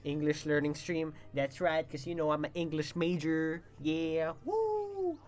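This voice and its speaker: A young man streaming a visual novel, reading the text aloud and reacting with loud exclamations and swearing. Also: a little high, measured pace, soft background music. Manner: excitable, swears and exclaims between read-out passages.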